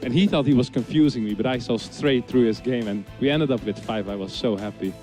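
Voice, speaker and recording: A man's voice: mid-range voice, fairly quick, darkish tone, soft background music. Man telling a playful story. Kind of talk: casual storytelling.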